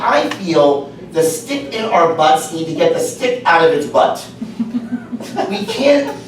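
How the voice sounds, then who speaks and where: A man's voice: a little high, a little hiss or hum. A man giving a humorous speech at a club meeting, chatty and joke-telling, in an echoey room from far off. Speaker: club speaker.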